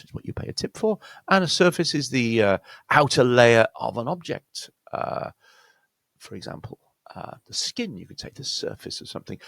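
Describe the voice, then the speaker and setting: Gravelly British man teaching pronunciation. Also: lowish voice, fairly bright tone, no room sound. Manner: explains slowly with many fillers and self-corrections. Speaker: accent coach. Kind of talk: pronunciation lesson.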